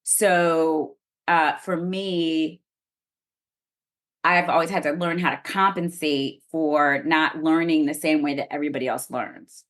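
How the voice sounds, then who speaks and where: Low-voiced woman explaining earnestly. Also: fairly even intonation, unhurried. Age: middle-aged. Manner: earnest, explanatory, personal stories. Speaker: guest menopause expert. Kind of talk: podcast interview.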